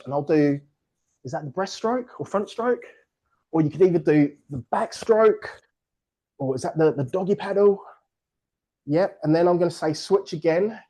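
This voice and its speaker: Playful man hosting games on a video call. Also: on the high side. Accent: non-American English. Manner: lively, playful, jokey, breaks into laughter. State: out of breath at times. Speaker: host of a virtual book launch.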